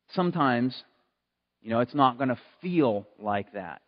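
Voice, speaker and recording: A male preacher delivering a sermon, slowing down to stress his key words. His voice carries a long reverb, as if from a large hall, and the recording sounds somewhat muffled. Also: medium pitch. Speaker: pastor.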